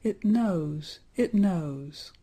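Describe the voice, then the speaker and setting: A woman voicing a fond, sentimental old nurse in a storybook reading, gentle and homely. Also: fairly low pitch, expressive, drawn-out words, breathy edge, exaggerated voice.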